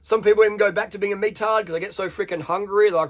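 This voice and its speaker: A man's voice: high-pitched, fairly even intonation, quick pace. An Australian man ranting bluntly to camera, swearing freely and firing rhetorical questions at his viewers. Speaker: vlogger. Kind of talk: unscripted rant to camera.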